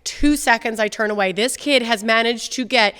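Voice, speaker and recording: A woman's voice: fairly high pitch, moderate pace, fairly bright tone, smooth, in a large hall. A woman co-hosting a TV advice show, chatting and telling stories with animation. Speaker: co-host. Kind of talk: casual chat.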